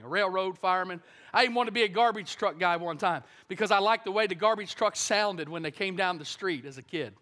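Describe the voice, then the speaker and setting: A man in his fifties gives a sermon testimony in a high, bright voice. He tells the story earnestly and often swings from soft to loud for emphasis. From Kentucky. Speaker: preacher.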